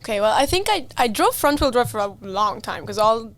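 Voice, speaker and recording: Lively woman telling stories. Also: a little high, brisk. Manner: animated, laughs often, acts out quoted dialogue. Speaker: racing driver guest. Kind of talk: casual podcast storytelling.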